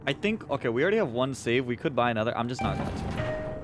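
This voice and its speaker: This man, whose mid-range voice has lively intonation, speaks fast while faint music plays behind him. He's doing live commentary on a video game stream, addressing chat with frequent swearing and a frustrated, self-mocking attitude.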